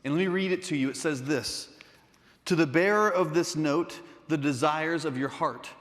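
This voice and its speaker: A man's voice: fairly high pitch, moderate pace, fairly bright tone, close to an everyday voice. A man voicing a hopeful, scrappy old hag woman who urges her friends on, in an eager insisting voice, recorded with a long hall reverb.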